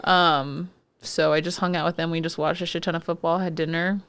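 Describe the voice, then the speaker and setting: A woman co-host chatting casually on a podcast, with a slightly low voice recorded close and dry. She throws in wry, sarcastic quips. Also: level tone, a little fast, fairly bright tone, clean tone, no room sound. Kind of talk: casual chat.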